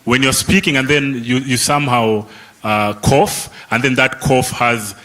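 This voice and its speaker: A Kenyan man facilitating a youth summit speaks a little slowly in a steady, medium-pitched, slightly bright voice. The conference-hall workshop is lively, as he teases the audience and tags questions with "eh?" and "okay?".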